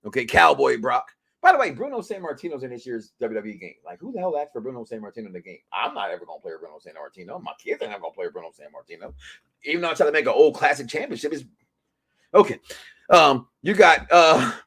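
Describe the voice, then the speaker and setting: A man hosting a wrestling talk podcast, talking loosely in slang, jumping between excited shouts and muttered asides. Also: medium pitch, fast, vocal fry, husky. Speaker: podcast host.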